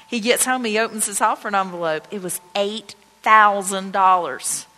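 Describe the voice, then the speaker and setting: Bright-voiced woman preaching in a reverberant church. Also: medium pitch, moderate pace. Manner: conversational, anecdotal, excited retelling. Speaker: pastor. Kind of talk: storytelling sermon. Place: church sanctuary. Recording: long church-hall reverb.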